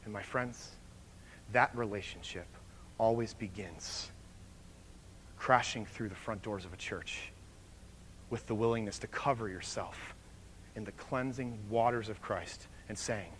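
A man preaching a sermon, telling a story with animated energy and then leading a soft, hushed prayer. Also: fairly low pitch, unhurried, pauses often, a little hiss or hum. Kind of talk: sermon with story and altar call.

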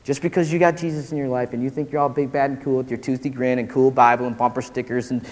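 A man in his forties preaching a casual, slangy sermon to college students, animated and full of "dude" and "man". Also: medium pitch, fast. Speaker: pastor. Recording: long hall reverb.

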